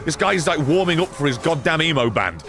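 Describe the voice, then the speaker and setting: Streamer guy swearing at his game, kinda gravelly voice, bouncy pitch. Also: quick pace. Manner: excitable, profane, chatty. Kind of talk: live gameplay commentary.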